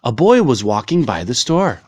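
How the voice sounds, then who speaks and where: A man reading a children's picture book aloud in slow, clearly paced storytelling. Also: mid-range voice, big pitch swings, a little mellow, dry recording. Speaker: reader.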